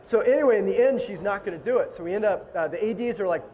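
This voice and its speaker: A film director, a man, telling stories in a casual interview in an animated, joking way and acting out voices. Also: high-pitched, very fast.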